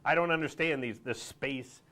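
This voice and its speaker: A man's voice: medium pitch, moderate pace, pushed and bright. A middle-aged man from Rhode Island hosting a live morning show, chatting casually and rambling with lots of fillers.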